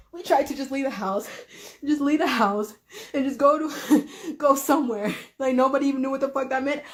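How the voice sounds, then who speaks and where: A woman ranting to camera in an agitated, profane way, swinging between laughter and tears. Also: high voice. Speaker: vlogger. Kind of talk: emotional rant to camera.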